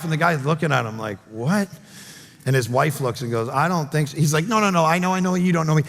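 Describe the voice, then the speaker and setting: Pastor preaching with gravelly voice, reverberant hall. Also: male voice, a little high, quick pace. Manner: animated storytelling, acting out voices. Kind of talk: sermon. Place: large church auditorium. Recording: long hall reverb with faint music.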